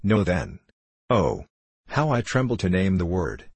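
A man's voice: low-pitched, big pitch swings, unhurried, creaky, a little mellow, breathy edge, no echo, exaggerated voice. A man reading the part of an anguished young novice monk, in an impassioned, faltering, pleading voice.

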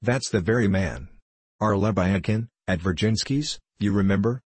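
Brief: man doing a sly, sneering gossip in an audiobook; deep, husky voice. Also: moderate pace, dry recording. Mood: casual.

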